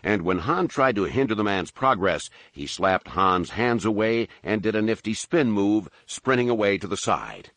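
A man narrating an audiobook in a lively, expressive storytelling manner. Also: lowish voice, normal speed, hardly any pauses, dry recording.

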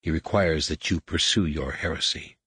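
A man reading an audiobook and voicing a majestic, menacing alien overlord who speaks in a hushed, whispered rumble, slow and commanding. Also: slightly rough, no room sound, studio quality, heavily acted. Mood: solemn chanting.

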